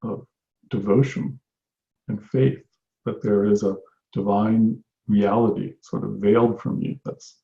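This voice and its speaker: A man giving an unhurried, reflective talk on meditation as a teacher, often restarting his phrases. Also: lowish voice, steady tone, creaky. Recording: echoey room, dull lo-fi sound.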